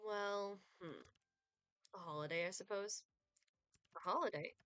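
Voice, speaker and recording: A woman's voice: mid-range voice, a little slow, a bit bright, smooth, no echo, close to an everyday voice. A woman voicing an aloof male Grim Reaper, reading his game lines in a cool, clipped, formal way. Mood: cold, formal. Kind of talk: reading game dialogue aloud.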